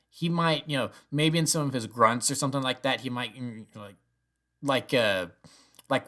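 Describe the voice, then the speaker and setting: A young man giving a casual spoken review, animated and rambling, often restarting his sentences. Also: medium pitch. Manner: acts out quoted lines in bursts. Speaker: video reviewer.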